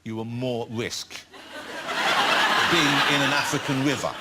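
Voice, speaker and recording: A man's voice: mid-range voice, moderate pace. A middle-aged British man hosting a chat show, asking questions in a teasing, playful, mock-apologetic way. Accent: British English. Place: TV studio before live audience. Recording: loud studio audience and noise.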